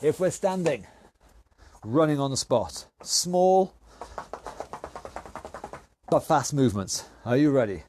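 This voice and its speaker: A man's voice: mid-range voice, very animated, takes it slowly, pauses often, darkish tone, a little hiss or hum. A man leading an online workout class as fitness instructor, counting down and calling out moves while exercising along. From United Kingdom. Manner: counts down and cues exercises while working out himself.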